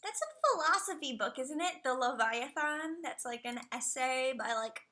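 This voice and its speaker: A woman streamer chatting casually on a live stream, gushing over what she sees and dropping into soft whispered asides. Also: sits high, animated, normal speed.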